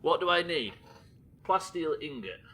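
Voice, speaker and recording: A man's voice: a little high, big pitch swings, a little slow, bright, forceful tone, slightly rough. A young man streaming a video game live, swearing freely and chatting with viewers as he plays. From Britain. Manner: sweary, chatty, reading chat aloud. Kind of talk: live gameplay commentary.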